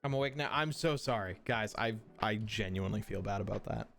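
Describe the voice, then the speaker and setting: Speaking fairly quickly in a low, creaky, slightly bright voice, this streamer thinks aloud while working, chatting casually, cursing offhandedly and often saying sorry. Soft music plays in the background, and his streaming mic goes through an audio mixer.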